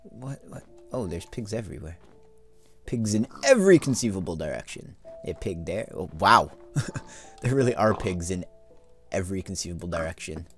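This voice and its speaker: A man's voice: low voice, big pitch swings, moderate pace, faint music behind. A man giving casual, rambling gameplay commentary with lots of fillers, yawning as he plays. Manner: rambling, easygoing, many fillers. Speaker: let's play host.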